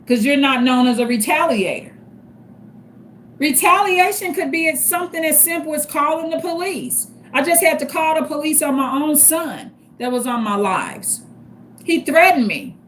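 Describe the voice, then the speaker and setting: A middle-aged woman from St. Louis with a high voice, talking straight to her livestream viewers. She is blunt, tough and full of cursing. Faint noise sits under her voice. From St. Louis, Missouri, US. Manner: blunt and profane, street-tough. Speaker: livestream host. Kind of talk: casual livestream talk.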